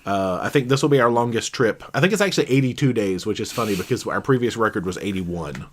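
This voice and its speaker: Male co-host, casual chatter, faint Southern American accent, animated delivery. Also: fairly low pitch, quick pace, a little hiss or hum. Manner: chatty, reads viewer comments aloud. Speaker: livestream co-host. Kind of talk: casual chat.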